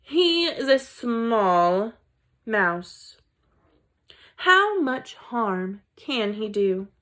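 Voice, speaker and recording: A woman's voice: fairly high pitch, very animated, very slow, fairly bright tone, exaggerated voice. A woman voicing a haughty French mother mouse who speaks with a French accent and scoffs at everything her husband says. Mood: dismissive. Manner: exasperated, scoffing.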